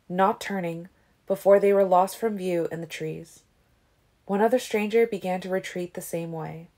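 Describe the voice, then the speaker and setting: A woman reading a novel aloud as an audiobook, with steady, even storytelling. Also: on the low side. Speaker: audiobook reader. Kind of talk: audiobook narration.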